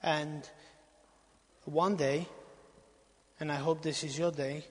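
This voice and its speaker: A man preaches in a church, repeating phrases emphatically and swinging from ringing exhortation to near-whispered lines. His voice sits notably high for a man, and a long hall reverb trails every phrase. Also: level tone, takes it slowly, pauses often. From Romania. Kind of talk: sermon.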